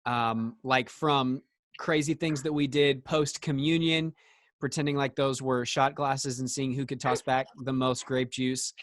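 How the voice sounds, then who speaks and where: A man's voice: medium pitch, steady tone, unhurried, no room sound, clean studio sound. A man hosting a podcast, joking in an easygoing way. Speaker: podcast host. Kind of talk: casual podcast chat.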